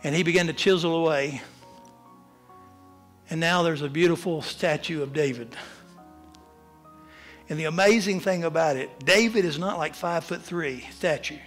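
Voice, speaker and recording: A man's voice: normal speed, pauses often, fairly bright tone, soft background music. A man preaching a sermon as pastor, with impassioned delivery that swells and drops. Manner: impassioned preaching, rising and falling in pitch and volume. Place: church.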